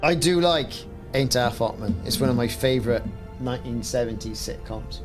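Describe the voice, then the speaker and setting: A man's voice: medium pitch, moderate pace, music in the background. Chatty Welsh man streaming a game. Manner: chatty, jokey banter with mock sports commentary asides. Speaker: gaming livestream host. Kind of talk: casual live-stream chat.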